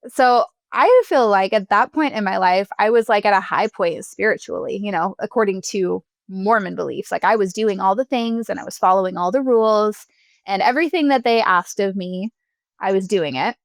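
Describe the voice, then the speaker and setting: A woman's voice: mid-range voice, normal speed, no room sound. A young woman guest in a casual interview, chatty, laughing often and filling her talk with "like" and "you know.". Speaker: podcast guest.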